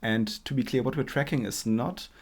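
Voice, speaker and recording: A man's voice: mid-range voice, a little fast. A man co-hosting a personality class, talking frankly and analytically about a clip. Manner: frank, analytical, stresses points with "frankly" and "really". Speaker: co-host teaching personality typing. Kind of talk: analytical commentary.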